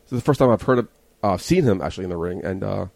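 A man's voice: low voice, expressive, very fast, gravelly, darkish tone, no echo. A man co-hosting a casual wrestling chat, blunt and joking. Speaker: podcast co-host.

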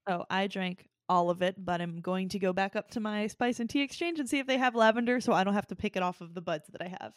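A woman's voice: mid-range voice, quick pace, hardly any pauses, no echo, studio quality. A woman co-hosting a casual podcast chat, easygoing and giggly. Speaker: podcast co-host.

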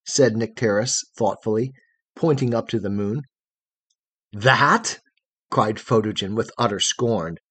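Husky male audiobook storyteller. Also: fairly low pitch, no echo. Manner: expressive, measured storytelling. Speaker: reader. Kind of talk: audiobook narration of a fairy tale.

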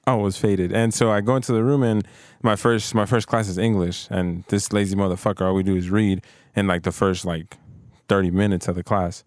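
A man's voice: on the low side, fairly even intonation, brisk, no room sound, studio quality. A man co-hosting a podcast, telling a story in a laid-back, profane way. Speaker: podcast co-host. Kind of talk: casual storytelling.

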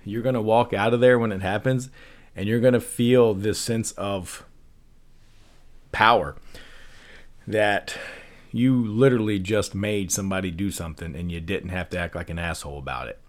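Deep-voiced man musing in a loose talk. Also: moderate pace. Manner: loose and conversational, many fillers, rhetorical "right?". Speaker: podcast host. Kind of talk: casual solo talk on persuasion and parenting.

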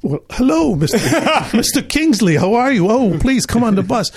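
Brief: man playing star-struck rockers, high, breathless and overly polite. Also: very animated, normal speed, creaky, slightly rough, full character voice. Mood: fawning. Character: fawning starstruck male rock musicians.

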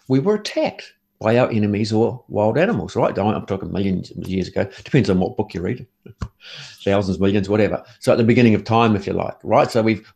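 Middle-aged man, low gravelly voice, earnest ex-negotiator who restarts his sentences a lot. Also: a little mellow. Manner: earnest, repeats and restarts words often. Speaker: former police negotiator and author. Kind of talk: interview storytelling.

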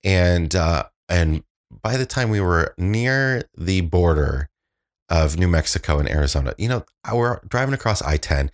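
Deep-voiced man, hesitant storyteller. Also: expressive, normal speed. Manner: hesitant, filler-heavy, sheepish. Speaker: podcast co-host. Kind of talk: casual storytelling chat.

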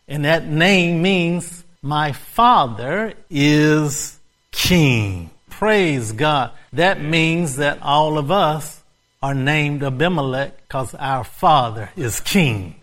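A man delivering a sermon at a slow, deliberate pace. His voice sits a little high, and he drives each point home by repeating it. He breaks into joyful laughter along the way. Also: fairly bright tone. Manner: repetitive, emphatic, bursts into laughter. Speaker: pastor.

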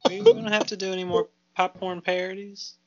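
A man's voice: sits high, big pitch swings, brisk, gravelly. A man co-hosting a comedy podcast, chatting casually in a playfully mock-earnest, coaxing way. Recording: dull lo-fi recording with faint music.

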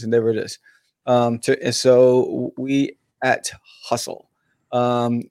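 A man's voice: mid-range voice, mellow, no room sound, clean studio sound. A man co-hosting a casual chat, laid-back with slang and lots of fillers. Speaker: podcast co-host, comic artist.

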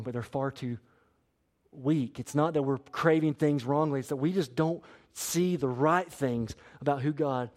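A young man preaching a sermon as pastor, animated and asking the congregation to answer back. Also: a little high. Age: young adult. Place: church sanctuary.

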